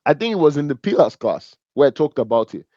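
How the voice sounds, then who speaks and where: A man with a Nigerian accent giving a humorous, animated business talk, joking and teasing as he tells stories. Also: on the high side, fast talker, dry recording, highs cut off. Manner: animated and joking, laughs at his own stories. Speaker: business speaker.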